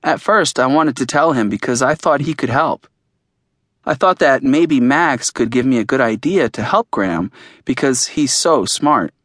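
A man's voice: medium pitch, lively intonation, moderate pace, fairly bright tone, dry recording, clean studio sound. Earnest male audiobook narrator. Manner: plain, earnest storytelling. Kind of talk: first-person audiobook narration.

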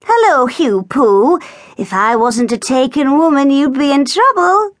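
A tipsy, gushing young bride-to-be who squeals and swoops through her words, as a woman narrator puts her on. The reading is close and dry, with a lively pitch. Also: unhurried, no echo. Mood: giddy drunk. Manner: giddy and loud, slurring slightly.

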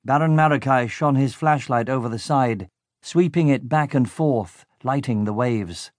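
A man narrating a children's audiobook in a lively, expressive way. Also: medium pitch, unhurried, no room sound, clean studio sound.

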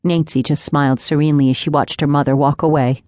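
A woman with a notably low voice reads an audiobook in a steady, measured way. The sound is close and dry, with no room around it. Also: dry recording. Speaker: audiobook narrator. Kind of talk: scripted audiobook narration.

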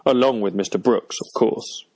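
A man's voice: fairly low pitch, moderate pace, a little mellow, natural voice. A man voicing a formal, boisterous male servant in an audiobook, speaking in a ceremonious, pompous way.

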